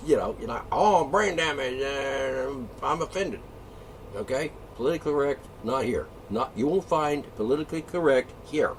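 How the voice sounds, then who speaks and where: A man hosting his own monologue channel, ranting in a profane, combative and mocking way. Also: mid-range voice. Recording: distant mic, faint background noise.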